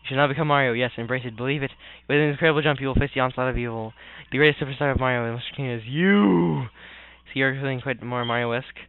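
A man's voice: mid-range voice, quick pace, clean tone, no echo, natural voice. A man reading aloud the lines of a scheming male turtle-wizard hypnotist from a game. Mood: hypnotizing. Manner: reads game text aloud in a flat voice. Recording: tinny lo-fi with faint music.

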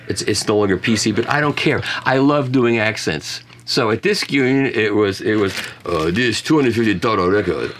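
A man's voice: on the low side, fairly bright tone, a little hiss or hum. A man reviewing vinyl records in a casual conversation, chatty and full of self-mocking jokes and restarts. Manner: chatty storyteller who often restarts and jokes about himself.

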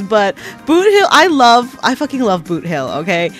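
A woman's voice: a little high, big pitch swings, moderate pace, few pauses, soft background music. A woman from Texas chatting on her stream, giggly and gushing, swearing casually.

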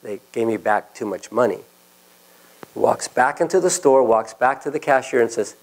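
In this rough recording, a man preaches at a normal speed with a medium-pitched voice. He's a pastor weaving personal stories into his sermon and voicing the different people in them.

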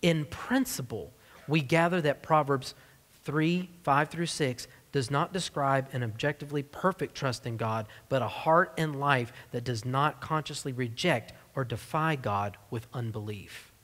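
A man's voice: medium pitch, measured pace, fairly bright tone, in a large hall. A man preaching a sermon as pastor of a church, in a conversational, joking style. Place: church sanctuary.

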